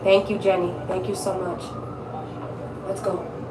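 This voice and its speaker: A woman's voice: medium pitch, level tone, a little slow, echoey room, recorded from a distance, heavy background noise. A woman giving a casual tarot reading, blunt, emphatic and profane, repeating her points for stress. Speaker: tarot reader.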